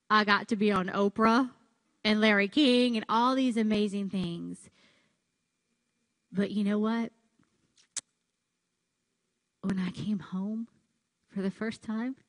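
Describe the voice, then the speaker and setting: Woman giving a pep talk on stage, acts out all the quotes, mid pitch, dry close sound. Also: no echo. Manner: animated storytelling, acts out quotes. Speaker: keynote speaker. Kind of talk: motivational speech. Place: conference hall stage.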